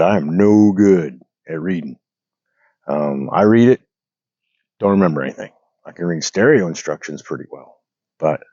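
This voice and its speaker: Deep-voiced man with a cold, rambling. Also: darkish tone, no room sound, highs cut off. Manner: rambling, many fillers and restarts. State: has a cold, slightly hoarse. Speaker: vlogger reading the Bible. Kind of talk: casual rambling talk to camera. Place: outdoors at night on rural land. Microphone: phone propped on a log.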